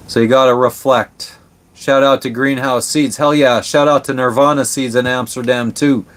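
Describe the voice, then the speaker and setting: A man's voice: mid-range voice, fairly even intonation, normal speed, fairly bright tone. A man hosting a live stream from his sailboat, chatting casually with viewers, laid-back and rambling, swearing freely. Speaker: livestream host answering chat.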